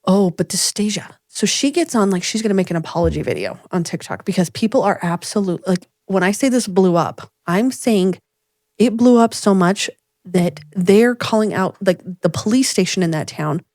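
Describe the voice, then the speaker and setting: A woman co-hosting a chatty podcast from a room at home. She tells a story in lively fashion, and her pitch leaps up whenever she quotes someone. The sound is close and dry, with no room echo. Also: normal speed. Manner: animated storyteller, voices quoted people with jumps in pitch. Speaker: podcast co-host. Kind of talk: casual storytelling chat. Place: home room with dogs nearby.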